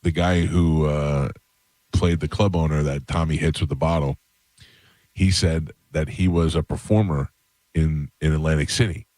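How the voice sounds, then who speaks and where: A radio host telling a long story in a casual way and acting out the voices of the people in it. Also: male voice, extremely low pitch, moderate pace, no echo, clean studio sound. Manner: animated, acts out quoted voices. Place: radio studio.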